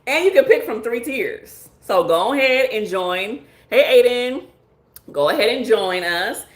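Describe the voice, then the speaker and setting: Reading chat comments aloud on a live stream with features, a woman therapist keeps things playful and lively, often laughing and performing the people she quotes. She speaks at an unhurried pace in a slightly high voice, and the sound is roomy.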